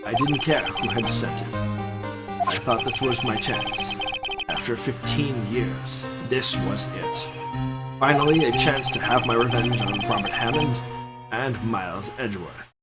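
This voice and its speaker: A man voicing a broken middle-aged former bailiff who speaks low, slow and subdued. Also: natural voice. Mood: grim. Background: loud game music.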